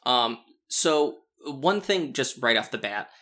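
A man's voice: medium pitch, lively intonation, sharp tone. A man co-hosting a casual movie podcast, chatty and eager to share trivia. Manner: chatty, fact-sharing, quick asides. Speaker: podcast co-host.

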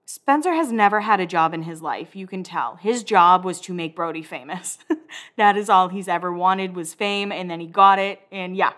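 A woman's voice: on the low side, normal speed, a bit bright. Woman, casual recap commentary, sarcastic, blunt, acts out quotes. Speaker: recap podcast host.

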